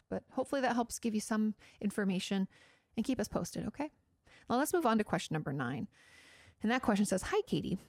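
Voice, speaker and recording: Woman therapist, casual advice talk, gravelly fry, dry close sound. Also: fairly low pitch, darkish tone, no echo. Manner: chatty and explanatory, many fillers like "you know". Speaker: therapist answering viewer questions.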